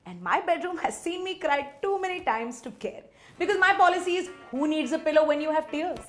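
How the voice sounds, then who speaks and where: A young woman doing a stand-up comedy set in a sarcastic, self-deprecating way with lots of rhetorical questions. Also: high-pitched.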